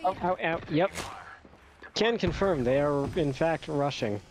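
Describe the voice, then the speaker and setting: A man's voice: on the high side, a little slow. A male streamer chatting casually while gaming, laid-back and joking at his own expense.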